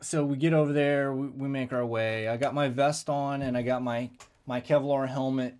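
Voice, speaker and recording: A man's voice: medium pitch, fairly even intonation, moderate pace, darkish tone, clear, resonant tone. A man telling a casual, profane story and acting out the exchanges he quotes. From United States. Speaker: veteran storyteller.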